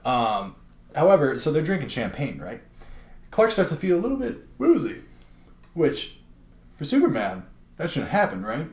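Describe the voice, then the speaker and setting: A man's voice: on the high side, moderate pace, pauses often. Young man rambling through a comic recap. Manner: rambling, animated retelling with many "like" fillers. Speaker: podcast host. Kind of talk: casual chat. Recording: roomy room.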